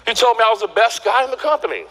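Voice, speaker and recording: Male motivational speaker, very high bright voice, animated storyteller who shouts the punchlines. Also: rapid-fire, rough recording. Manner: animated storytelling, acting out quotes; loud exclamations. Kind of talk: motivational seminar speech.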